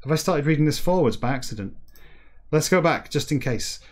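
A man hosting a comedy podcast, reading garbled text slowly and carefully, with dry, self-mocking asides. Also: fairly high pitch, animated. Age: adult with children. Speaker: podcast host reading a novel aloud. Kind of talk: comic reading aloud with chatty asides.

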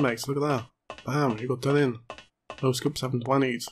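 Gamer, hoarse, excitable, swears a lot, noisy recording. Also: male voice, mid-range voice, moderate pace. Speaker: gaming channel host. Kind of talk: let's play commentary.

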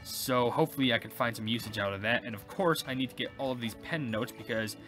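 A man giving casual, rambling gameplay commentary as a YouTuber, getting excitable at close calls. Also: medium pitch, fast, faint music behind. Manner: rambling, excitable, lots of fillers. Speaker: gaming YouTuber.

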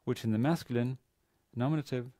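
A man giving a university grammar lecture, pausing often with fillers and restarting his sentences. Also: medium pitch, mellow, no room sound, studio quality. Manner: hesitant, many fillers and restarts. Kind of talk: classroom lecture. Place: university classroom.

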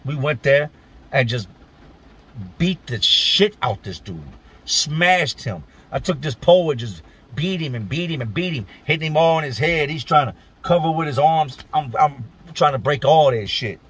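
A man's voice: fairly high pitch, lively intonation, moderate pace, a bit bright, breathy edge. Blunt, profane man telling a story. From Virginia, US. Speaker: vlogger telling a personal story. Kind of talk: casual storytelling vlog.

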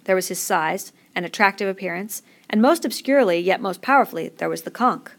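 A woman narrating a novel in a measured, expressive reading. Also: mid-range voice. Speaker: reader. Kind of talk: audiobook narration.

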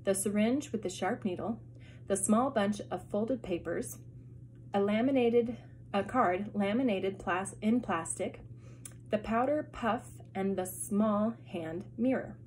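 A woman teacher reading a chapter book aloud to her students, expressive and adding asides. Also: medium pitch, measured pace, a little hiss or hum.

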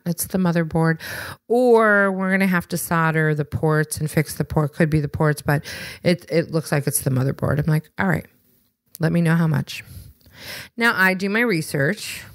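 A woman with a lowish voice tells a story on her podcast in a casual chat. She is animated and wry, and she acts out what each person said. The sound is close and dry, with no room echo. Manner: animated, acts out both sides of conversations; exasperated, wry. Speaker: podcast co-host.

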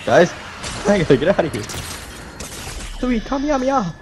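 A man's voice: fairly high pitch, expressive, fairly quick, noisy background. A young man playing a video game with friends, laughing a lot as he talks. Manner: giggly, laughs a lot between lines. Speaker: gamer. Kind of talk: casual gaming banter.

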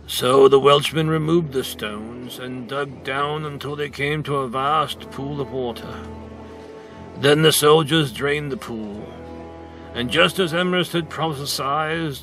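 A man reading a picture book aloud with dramatic, emphatic storytelling, with music clearly behind him. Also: mid-range voice, a bit bright. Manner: dramatic, slow, emphatic narration. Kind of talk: expressive read-aloud storytelling.

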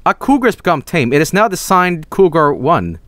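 A young man streaming a video game, excitable and swearing, often yelling at the characters on screen. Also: fairly high pitch, fairly quick, no echo. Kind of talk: gaming livestream commentary.

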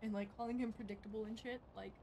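A woman's voice: on the high side, fairly even intonation, quick pace, dark tone, a little hiss or hum. A young woman casually commenting on a game she plays, blunt and sarcastic, swearing freely and reading dialogue aloud. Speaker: gamer. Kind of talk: casual let's-play commentary. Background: game music.

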